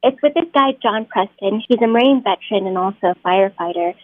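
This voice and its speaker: On a tinny, phone-like line with a dry sound, a woman actor guesting on an interview show speaks in a mid-range voice at a quick pace. She tells stories chattily and laughs easily in this casual interview.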